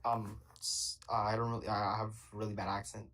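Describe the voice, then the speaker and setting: A man's voice: lowish voice, level tone, moderate pace, a bit bright, poor audio. A young man calling into a live debate, talking casually and hesitantly with lots of fillers. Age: young adult. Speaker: caller.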